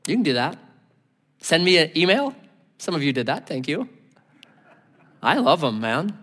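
Man, pastor, lively sermon, bright tone, long hall echo. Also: a little high, unhurried. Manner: animated, acts out voices in quotes.

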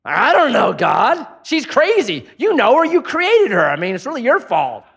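A man's voice: very high-pitched, huge pitch swings, moderate pace, creaky, a bit bright, breathy edge, voice pushed up, exaggerated voice. A man voicing a flustered, defensive ancient husband who blames everyone but himself. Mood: exasperated. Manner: exasperated, blaming.

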